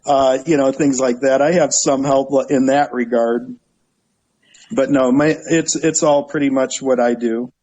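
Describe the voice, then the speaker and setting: A middle-aged man from Northeast Ohio, a guest telling lively stories in a casual interview and acting out the people in them. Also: mid-range voice, unhurried, low-quality recording. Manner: animated storyteller, acts out voices, laughs often. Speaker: guest, travel website owner.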